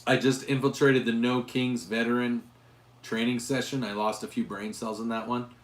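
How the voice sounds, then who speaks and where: A man hosts a casual gun livestream, answering viewers while his voice wears hoarse. He rambles and restarts often, at a middling pitch. The room around him rings with echo. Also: little pitch movement, normal speed. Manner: rambling, with frequent restarts and fillers. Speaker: gun channel host reading live chat.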